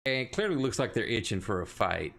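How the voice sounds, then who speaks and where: A man's voice: medium pitch, big pitch swings, a little fast, creaky, fairly bright tone. A man, narrating a tabletop game as game master in a loose, chatty way. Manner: loose, chatty, with filler words.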